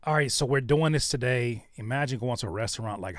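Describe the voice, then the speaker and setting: A man's voice: mid-range voice, quick pace, no echo. A man hosting a live stream, chatting casually and talking straight to his viewers. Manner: laid-back, talks to chat directly. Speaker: host.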